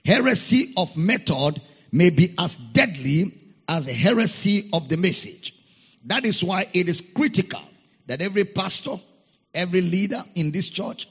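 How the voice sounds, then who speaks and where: Man preaching, repeats phrases, husky voice, muffled recording, long reverb. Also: high voice. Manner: repeats key phrases, rousing call-and-response. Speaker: pastor. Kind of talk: sermon. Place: church auditorium. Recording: muffled echoey church hall.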